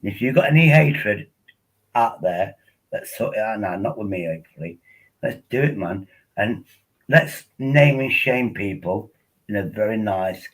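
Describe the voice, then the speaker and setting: A man's voice: low-pitched, breathy edge, rough recording. A tipsy man rambling casually as he hosts a live stream, coaxing viewers to join him on air. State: tipsy from drinking. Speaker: livestream host.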